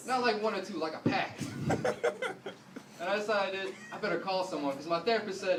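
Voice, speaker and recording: Onstage at a comedy club, a high-voiced male comic works through a profane set at a moderate pace, slipping in deadpan asides and quoting others in their voices. A live audience can be heard, and the distant mic picks up a roomy club sound.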